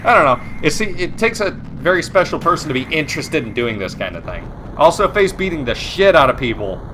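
A man's voice: on the high side, very animated, brisk, bright, forceful tone, a little hiss or hum. A man casually commentating a video game, rambling, joking and swearing as he plays. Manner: rambling, profane, jokey, self-mocking. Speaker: let's play commentator. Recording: game music playing behind. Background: game music.

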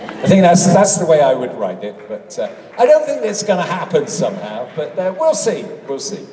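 A man's voice: on the high side, huge pitch swings, moderate pace, mellow, recorded from a distance, a little hiss or hum. A man in his sixties from England with a British accent, answering fan questions on a convention panel in a self-mocking, joking way. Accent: British English. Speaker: convention panel guest actor. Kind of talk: fan Q&A on stage. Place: large convention hall. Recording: echoey hall, voice from off-mic.

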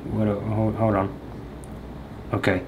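A man's voice: on the low side, completely flat delivery, unhurried, noisy background. A man vlogging casually at home, rambling with lots of hesitant ums and jokey asides. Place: at his house.

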